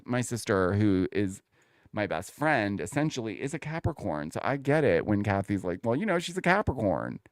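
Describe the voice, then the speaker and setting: A man's voice: medium pitch, no room sound, studio quality. A man hosting a casual reality TV recap, chatty and opinionated, talking straight to his viewers. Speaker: host.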